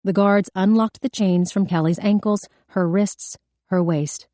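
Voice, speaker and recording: A woman narrating an audiobook thriller in a measured, tense storytelling manner. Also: medium pitch, fairly even intonation, dark tone, no room sound. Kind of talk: scripted narration.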